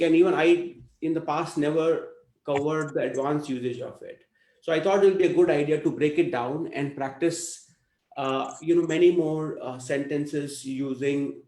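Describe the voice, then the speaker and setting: A man's voice: a little high, darkish tone. Patient male language teacher, roomy sound. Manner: explains patiently, checks in with "okay?". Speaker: Hindi teacher. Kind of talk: online class teaching.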